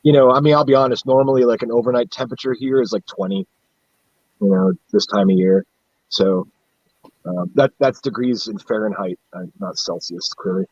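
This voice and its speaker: This husky-voiced central upstate New Yorker wanders through swear-filled stories on a live stream, chuckling at his own expense in casual conversation. His middle-pitched voice has lively intonation, a brisk pace, and a darkish tone, recorded dry and a little dull on a lo-fi mic with no room sound.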